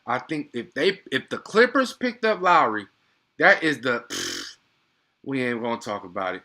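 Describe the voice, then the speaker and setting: A young man doing casual live play-by-play of a basketball game, excitable and slangy, chatting with his viewers between plays. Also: mid-range voice, moderate pace, vocal fry.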